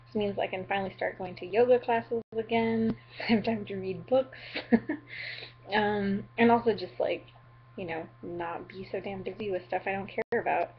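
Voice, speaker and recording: A woman's voice: mid-range voice, fairly even intonation, moderate pace, lo-fi sound, slight background noise. A young woman from the Upper Midwest chatting in a goofy, apologetic, rambling way on her vlog, full of ums and likes. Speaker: vlogger.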